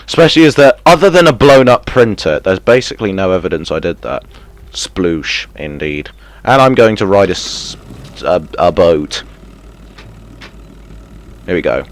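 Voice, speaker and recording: A man playing a video game and commenting as he goes, muttering to himself, then bursting into yelps and shouts of excitement. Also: sits low, moderate pace, long pauses, dry recording. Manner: excitable, self-mocking, sudden yelps and mutters. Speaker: gaming streamer. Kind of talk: let's play commentary.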